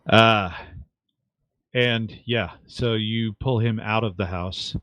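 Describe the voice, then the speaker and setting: A man's voice: on the low side, fairly even intonation, slow pace, a bit bright, dry recording. A man running a tabletop game as game master, thinking aloud with fillers and wry asides. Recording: dull lo-fi dry mic.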